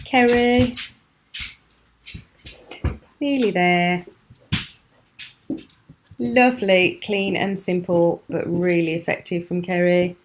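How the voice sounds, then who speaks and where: A woman's voice: on the low side, steady tone, slow pace, pauses often, slight background noise. Chatty British woman hosting a craft livestream. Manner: chatty, admiring, laughs often. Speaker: craft channel host. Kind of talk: live-stream craft show chat. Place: at home.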